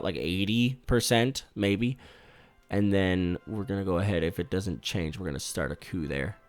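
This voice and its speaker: Man, lowish voice, animated, casual let's play commentary, swearing, dry close mic, faint music. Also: no echo. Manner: casual, swears freely, bursts out loud when surprised. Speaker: gaming YouTuber.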